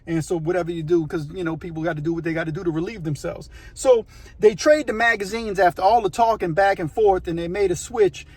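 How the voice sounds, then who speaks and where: High-voiced man telling a prison story. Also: brisk, a little mellow, husky, dry recording. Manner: rambling, conversational, frequent "you know what I mean". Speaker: storyteller, channel host. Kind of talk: casual spoken storytelling.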